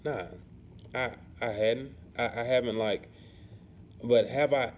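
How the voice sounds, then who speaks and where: A man chatting casually to camera in a relaxed, rambling way, often asking "you know what I'm saying". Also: mid-range voice, takes it slowly. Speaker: vlogger. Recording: dull lo-fi sound with faint background noise.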